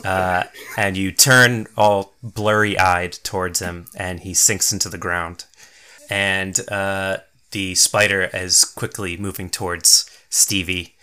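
A man narrating as game master of a tabletop game, relaxed and chuckling. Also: low-pitched, takes it slowly, clean tone.

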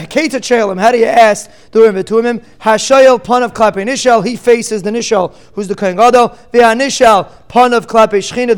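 A man's voice: very high-pitched, clear, resonant tone. A man teaching a daily Talmud class, reading the text and explaining it line by line in plain English. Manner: explains each text line by line, mixing in Hebrew terms.

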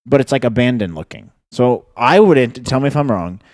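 A man's voice: mid-range voice, lively intonation, moderate pace, darkish tone, no room sound, clean studio sound. A man hosting a casual podcast chat, blunt and sweary, reading captions aloud. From United States. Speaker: podcast host.

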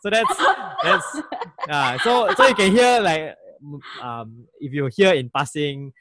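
A man's voice: fairly high pitch, slow pace, background noise. A man from Malaysia casually explaining slang, acting out phrases with frequent laughs. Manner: animated, acts out phrases, laughs often. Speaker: guest explaining language.

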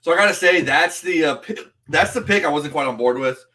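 Man, podcast co-host, bright clear voice, slightly high, easygoing, laughs a lot. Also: fairly quick. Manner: relaxed, laughs easily, casual fillers. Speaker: sports betting podcast co-host. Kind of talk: casual sports betting chat.

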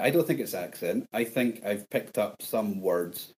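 A man with an East Scottish accent, a podcast guest chatting casually over a remote call, quick and self-deprecating. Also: lowish voice, lively intonation, darkish tone, rough recording. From Scotland.

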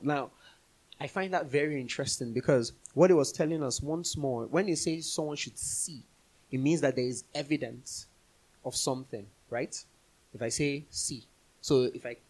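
A man's voice: mid-range voice, poor audio. A man giving a conversational Bible teaching, explaining scripture with everyday examples.

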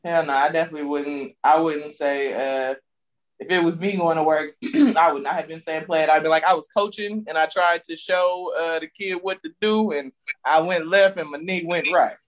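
A man's voice: a little high, fairly even intonation, moderate pace, fairly bright tone. Laid-back young man telling a story. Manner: laid-back storytelling with frequent laughs and self-mocking asides. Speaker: podcast co-host. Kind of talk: casual chat.

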